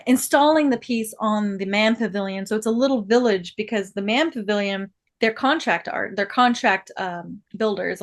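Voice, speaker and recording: A woman's voice: medium pitch, fairly bright tone. A woman guest on a podcast, telling stories chattily, laughing often and restarting her sentences. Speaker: guest artist and builder. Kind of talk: casual podcast conversation.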